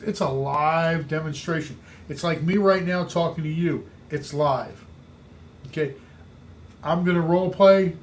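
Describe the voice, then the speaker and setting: A man's voice: a little high, slight background noise. A man coaching real estate agents in an emphatic podcast talk, driving points home by repeating key phrases.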